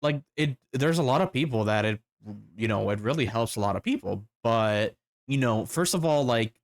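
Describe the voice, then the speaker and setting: A man's voice: medium pitch, animated, moderate pace, dry recording, clean studio sound. A man chatting casually, rambling with fillers and repeats and cracking crude jokes. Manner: fillers, repeats, swearing, joking. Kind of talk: casual chat.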